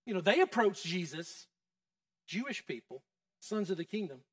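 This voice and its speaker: A pastor preaching in a high, animated voice that climbs and dips all the time. He talks to the congregation casually and keeps throwing questions at them. The mic is dry and sits some distance from him. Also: normal speed, no echo. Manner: conversational, quizzing the congregation. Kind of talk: sermon. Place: church.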